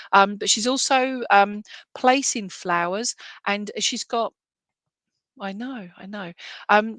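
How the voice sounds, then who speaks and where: A woman's voice: medium pitch, fairly bright tone, no echo. A woman giving a clairvoyant reading at an online church service. She rambles in a chatty way, makes self-deprecating asides and keeps checking in with "all right?". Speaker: medium.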